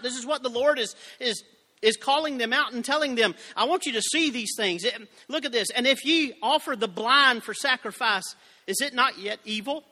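High, bright-voiced preacher. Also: male voice, long reverb tail. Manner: folksy, humorous preaching with scripture reading. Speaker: pastor. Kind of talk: sermon.

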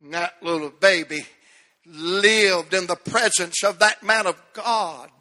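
A middle-aged man preaching a fervent sermon, swinging between shouted lines and hushed ones. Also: sits high, slow. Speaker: pastor.

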